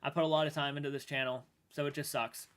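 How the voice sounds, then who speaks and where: A man streaming live and chatting with viewers, emotional and halting, restarting sentences and swearing now and then while sounding shaken. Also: a little high, flat delivery, fairly bright tone, clear, resonant tone. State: shaken and upset. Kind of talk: livestream chat with viewers.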